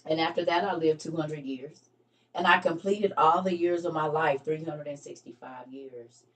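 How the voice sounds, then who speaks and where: A woman's voice: low voice, moderate pace, fairly bright tone, distant mic. A woman hosting a live stream, casually reading scripture aloud and talking it over with her viewers, laughing at her own slips.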